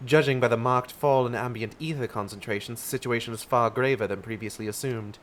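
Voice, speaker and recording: A man voicing a calm, scholarly female mage who speaks in a measured, formal way. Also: medium pitch, a little hiss or hum, natural voice. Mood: composed. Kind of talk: reading game dialogue aloud in voices.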